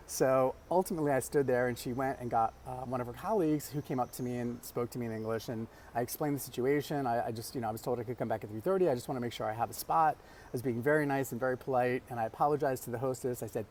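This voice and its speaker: A man's voice: medium pitch, fast, a little mellow, slight background noise. A man hosting a casual vlog, telling a travel story in a chatty way with many fillers and restarts. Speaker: vlog host. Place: traveling abroad, outdoor ambience.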